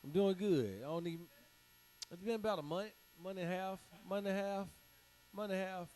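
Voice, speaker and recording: A man's voice: sits high, normal speed, darkish tone, rough recording. Slangy stand-up comic man. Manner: loose storytelling with slang, punchy sound effects. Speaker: stand-up comedian. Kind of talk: stand-up set.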